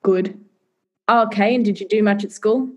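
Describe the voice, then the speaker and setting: A woman's voice: mid-range voice, steady tone, quick pace. A young woman, co-hosting a podcast in casual chat, telling family stories and laughing often. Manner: chatty, laughs often, mimics family in quoted voices. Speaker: podcast co-host.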